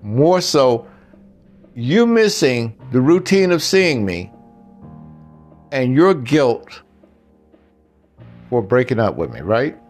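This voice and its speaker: A man's voice: medium pitch, sing-song, slow pace, long pauses, a little mellow, faint music behind. An older man giving blunt relationship advice in a casual monologue, talking straight to the men listening and telling stories along the way. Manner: blunt, storytelling, talks straight to the guys.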